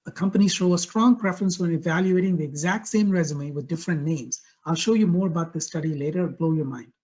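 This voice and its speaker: A man with a high voice presents a webinar over a video call, speaking with energy and stressing his points by repeating them. The call audio sounds a little dull and lo-fi. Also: breathy edge. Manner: energetic, emphatic, repeats key phrases.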